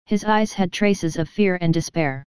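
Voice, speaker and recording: A woman narrating an audiobook in steady scripted storytelling, recorded close on a studio mic. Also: fairly low pitch, measured pace, clear, resonant tone, no echo.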